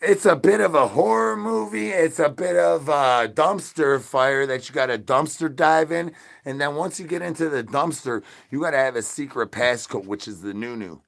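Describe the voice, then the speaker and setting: A man's voice: a little high, normal speed, gravelly, a bit bright. A man, streaming in a goofy, rambling patter full of nonsense words and catchphrases. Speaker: streamer in zombie persona.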